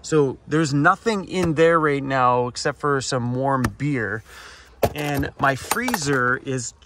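A man's voice: mid-range voice, takes it slowly, a bit bright, slight background noise. A man living in a van, ranting in a casual vlog and acting out both sides of his phone calls. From Canada. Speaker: van life vlogger. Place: inside a camper van.

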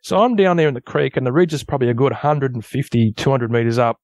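A man with an Australian accent, a guest telling a long story in a rambling, casual way that turns animated at the tense parts. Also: mid-range voice, fast, dry recording. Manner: rambling, loose storyteller who grows animated at tense moments. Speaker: guest recounting an encounter.

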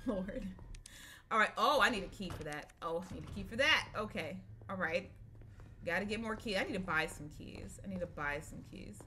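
A woman giving casual, profane let's-play commentary, loud and excitable as she yells at the game. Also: medium pitch, normal speed, a little hiss or hum. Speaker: gaming channel host. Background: game music.

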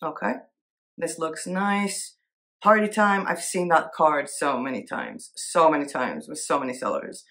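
Chatty woman with a lowish voice. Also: animated, measured pace, fairly bright tone. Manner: chatty, thinks aloud, giggles easily. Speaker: Etsy seller and art vlogger. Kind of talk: casual screen-share commentary.

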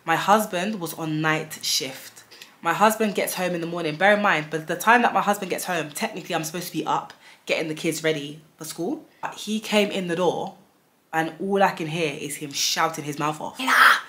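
A woman in her thirties, a vlogger telling a storytime tale in an animated, dramatic way, full of fillers. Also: on the low side, moderate pace. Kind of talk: storytime vlog.

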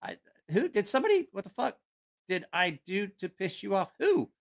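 A man's voice: high-pitched, sing-song, normal speed, gravelly, voice pushed up, heavily acted. A man doing a frantic, jumpy young sailor. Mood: panicked. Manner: frantic stammering questions. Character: flustered young male sailor, jumpy and confused.

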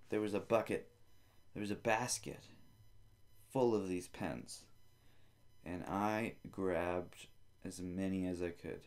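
A man's voice: low-pitched, a little mellow. A man hosting a rambling solo comedy podcast, telling crude jokey stories and swearing freely. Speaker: podcast host.

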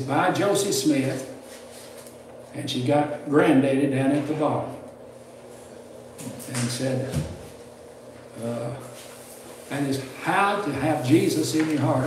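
Older man, folksy teaching preacher, slightly high voice, distant mic in an echoey room. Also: unhurried, long pauses, noisy background. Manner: folksy, rambling, with restarts and chuckles. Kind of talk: folksy classroom sermon. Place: church classroom. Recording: roomy, distant mic with faint ambience.

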